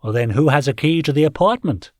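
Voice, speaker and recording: Man reads alien interrogator, measured and probing. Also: a little high, animated, a little mellow, no room sound, clean studio sound, voice pushed up. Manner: careful, questioning. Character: wide-eyed alien police officer, probing.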